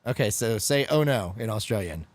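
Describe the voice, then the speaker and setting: A man's voice: lowish voice, animated, brisk, no echo. Teasing man in casual banter. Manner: teasing, playful, bossy when coaching. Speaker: band member co-hosting a stream chat. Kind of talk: casual chat.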